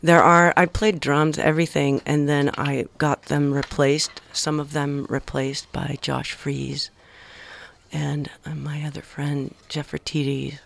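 Her deep voice barely moves in pitch and carries vocal fry. She is a middle-aged musician from the San Fernando Valley, California, with a Valley girl accent, guesting on a casual radio show and speaking slowly and hesitantly, with many ums and soft trailing asides.

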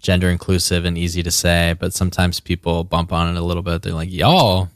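A man's voice: low voice, no echo, studio quality. A young man from the American South with a slight Southern drawl, chatting easily as an interview guest and laughing now and then. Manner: relaxed, laughs easily, drawn-out words. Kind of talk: casual interview chat.

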